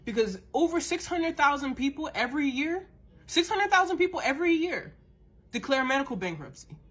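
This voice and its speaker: A woman's voice: high-pitched, very animated, a little fast, a bit bright. A woman hosting a podcast, ranting in a heated, profane monologue and often repeating and restarting words as she gets worked up. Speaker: podcast host.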